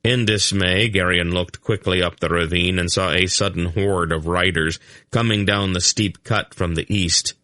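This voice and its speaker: Deep-voiced male audiobook narrator. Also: fairly even intonation, moderate pace, sharp tone, no room sound, studio quality.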